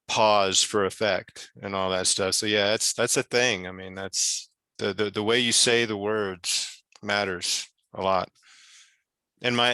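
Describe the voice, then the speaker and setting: Male participant, deep monotone, crisp tense tone, casual delivery. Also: no echo, rough recording. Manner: casual, offhand. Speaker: class participant.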